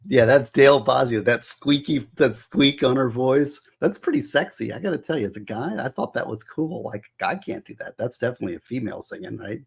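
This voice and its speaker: A husky, slightly rough male voice with a middle-range pitch. He rambles happily through music trivia on a casual livestream, often restarting his phrases mid-thought. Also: fairly quick, hardly any pauses. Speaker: host.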